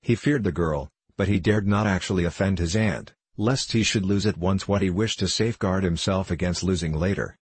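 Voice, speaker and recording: A man narrates a novel with measured, even storytelling. His voice sits very low with a husky edge. The sound is dry and close. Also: no room sound. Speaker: audiobook narrator. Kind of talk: scripted narration.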